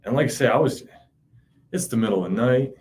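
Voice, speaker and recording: A man's voice: medium pitch, fairly quick, a little mellow, a little hiss or hum. A man in his thirties in an interview, recounting events in a rambling, profane, casual way with frequent "you know". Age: 30s. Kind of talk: casual spoken recollection.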